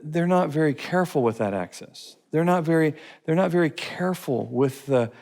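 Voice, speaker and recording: A man teaching a recorded class session, repeating phrases and telling lively stories. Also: on the high side, vocal fry. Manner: repeats phrases, lively storytelling with put-on voices. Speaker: curriculum teacher.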